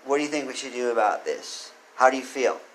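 A man's voice: mid-range voice, a little fast, a bit bright, slight background noise, low-quality recording. Earnest man discussing law. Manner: earnest, opinionated, asks the listener questions. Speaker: commentator reading and discussing legal code. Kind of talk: solo commentary with read-out legal text.

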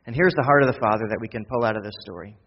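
A man with a husky voice preaches to his congregation, rising to quick, urgent bursts and then dropping into slow, hushed intimacy. The sound is dull and lo-fi, with a long reverb from a large church hall. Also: mid-range voice. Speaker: pastor. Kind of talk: sermon.

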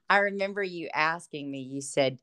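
Podcast guest: woman with a deep voice, earnest and heartfelt, laughs easily while she tells her story. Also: a little slow, a bit bright, clear, resonant tone. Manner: earnest, emotional, laughs often. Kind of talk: casual faith testimony.

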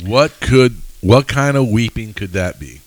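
A man's voice: mid-range voice, a little slow, no echo, poor audio. A man co-hosting a podcast Bible study, talking earnestly and personally with frequent restarts. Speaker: podcast co-host. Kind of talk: casual Bible study chat.

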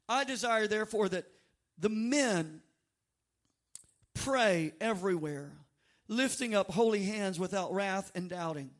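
High-voiced preacher shouting at times. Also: male voice. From North Louisiana. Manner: dynamic preaching, bursts of shouting and drawn-out sung phrases. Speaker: pastor. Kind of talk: sermon. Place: church sanctuary before a congregation.

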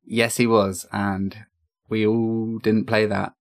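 A man's voice: on the low side, level tone, slow pace. A man hosting a casual podcast chat, reading off facts with lots of fillers. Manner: chatty, lists facts with many fillers. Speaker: podcast host.

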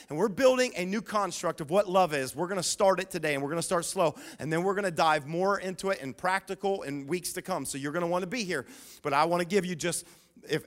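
Bright high-voiced man preaching a sermon. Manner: playful, punchy preaching with slow emphatic repeats. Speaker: pastor.

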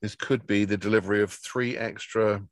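A man's voice: fairly low pitch, steady tone, moderate pace, no echo. A man co-hosting a podcast, chatting casually and trading dry jokes with his co-host. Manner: dry, joking banter. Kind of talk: casual chat. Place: outdoors near a camper van.

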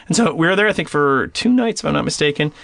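A young adult man as a podcast guest, telling a story in a casual, animated way, swearing often and restarting his phrases. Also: fairly high pitch, quick pace, gravelly, no room sound.

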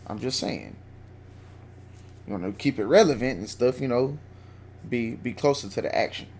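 A man's voice: medium pitch, animated, moderate pace, darkish tone. A man co-hosting a casual sports podcast, bantering defensively and laughing often. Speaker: podcast co-host. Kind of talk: casual chat.

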